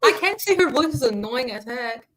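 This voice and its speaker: A woman's voice: high voice, animated, moderate pace, fairly bright tone. Blunt teasing young woman co-host. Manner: blunt, teasing, laughs things off. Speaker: co-host, host's daughter. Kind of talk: casual talk show banter.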